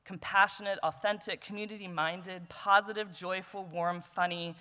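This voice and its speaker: A woman's voice: mid-range voice, fairly even intonation, moderate pace, sharp tone. A woman, a former student, introducing an award winner at a conference with light jokes, reading out lists of qualities one by one. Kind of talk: introduction speech at an award session. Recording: long hall reverb.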